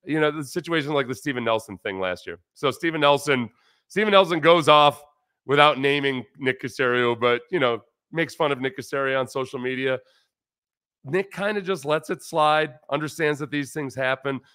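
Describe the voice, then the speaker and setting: A former football player in his forties hosting a casual sports livestream, talking in animated, rambling bursts with restarts while reading chat comments aloud. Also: medium pitch, normal speed, clean tone, dry recording, clean studio sound. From United States.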